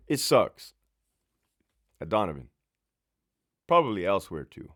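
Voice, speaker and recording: A man, a former prison lieutenant, telling a work story in a casual, profane, animated way. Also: lowish voice, moderate pace, long pauses.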